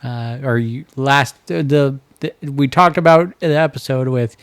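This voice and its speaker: Podcast co-host, man, mid pitch, clean smooth voice, dry close mic, excited chat with restarts. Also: dry recording. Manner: easygoing, halting restarts, enthusiastic. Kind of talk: casual wrestling chat.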